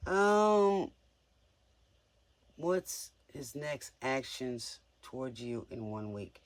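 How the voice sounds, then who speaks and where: A man's voice: mid-range voice, expressive, slow pace, vocal fry, long pauses, a bit bright, a little hiss or hum. A man giving a casual live tarot reading in a playful, joking way, often giggling. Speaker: tarot reader.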